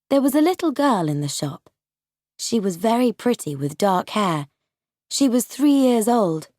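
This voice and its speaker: Slow, lively-pitched woman narrating an audiobook. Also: no room sound, studio quality. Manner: slow, clear, carefully paced for learners. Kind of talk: scripted narration of a graded reader.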